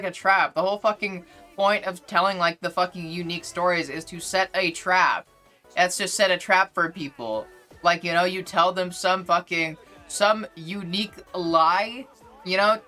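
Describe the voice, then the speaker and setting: A woman's voice: fairly low pitch, bright, forceful tone. A young woman streamer ranting in a rambling, profane, exasperated way as she chats and reads her chat. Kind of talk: casual livestream rant, reading chat.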